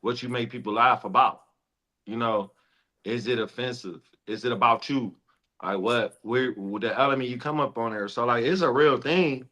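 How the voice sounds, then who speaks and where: Bright-voiced earnest male comedian. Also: medium pitch, moderate pace. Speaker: comedian guest. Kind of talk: casual chat.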